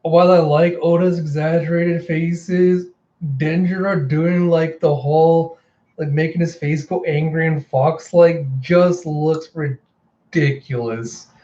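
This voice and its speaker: A man recapping a manga chapter for his channel, animated, jumping into character voices as he reads the lines out. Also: fairly high pitch, slow, muffled recording. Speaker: manga reaction host. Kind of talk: casual manga reaction, acting out lines.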